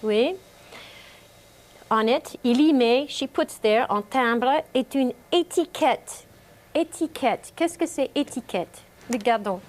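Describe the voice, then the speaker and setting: A woman's voice: fairly high pitch, slow pace. Woman French teacher translating line by line. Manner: reads French aloud then translates, with many fillers. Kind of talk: remote classroom lesson.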